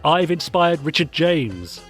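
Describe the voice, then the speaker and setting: A man's voice: on the high side, sing-song, slow, a bit bright, soft background music. A man hosting a podcast, playfully reading out listener messages in casual chat. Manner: playful, upbeat reading aloud. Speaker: podcast host.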